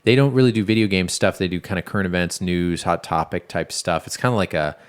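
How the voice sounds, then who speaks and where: Low-voiced chatty male podcast host. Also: fairly even intonation, fast talker, clean tone. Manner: rambling and chatty, with frequent restarts. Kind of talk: casual chat.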